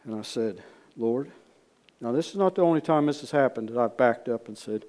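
A man's voice: medium pitch, quick pace. Folksy preacher man telling a story. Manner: animated, swings from loud re-enactment to hushed asides; repeats words, folksy speech. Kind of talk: storytelling sermon.

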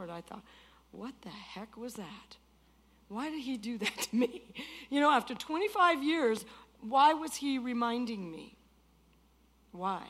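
A woman in her sixties preaching a testimony, swinging from loud outbursts to hushed tones. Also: on the high side. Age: 60s. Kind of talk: sermon testimony.

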